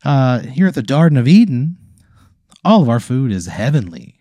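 A man voicing a cheesy, upbeat male restaurant TV announcer with a bright, salesy pitch. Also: very animated, normal speed, no echo. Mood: chipper.

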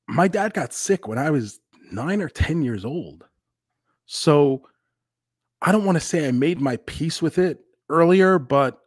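A man talking candidly on a podcast, swearing freely and acting out quotes in a raised voice. His pitch sits in the middle for a man. The sound is dry and close, with no room around it. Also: no echo. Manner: candid and profane, swings into loud re-enacted quotes. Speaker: podcast co-host. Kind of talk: casual podcast chat.

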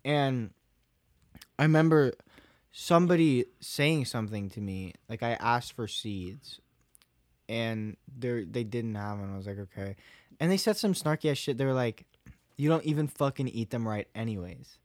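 A young man co-hosting a casual podcast, telling a story in an animated way and swearing a lot. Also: mid-range voice, normal speed, dry recording, clean studio sound. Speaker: podcast co-host. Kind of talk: casual chat.

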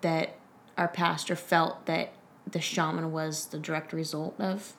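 A woman with a somewhat low voice talks things through in casual conversation. She is frank and reflective, working her thoughts out loud with plenty of fillers. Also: little pitch movement, unhurried, gravelly, slight background noise. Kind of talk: casual chat.

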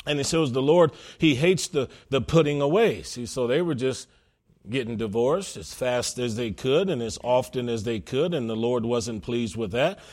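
A man's voice: medium pitch, moderate pace, a little mellow. A man preaching a sermon as pastor, stressing his points by repeating them.

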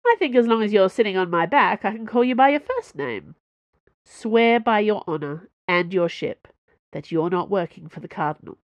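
A woman's voice: medium pitch, animated, moderate pace, no room sound, lo-fi sound, natural voice. Woman narrator doing a curt, proud male captive; storybook drama, close dry sound. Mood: gruff. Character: gruff captive man, proud and wary.

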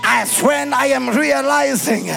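A man with a South African accent, a pastor preaching a sermon in a sing-song chant that rises into shouts. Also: extremely high pitch, takes it slowly, gravelly, faint music behind.

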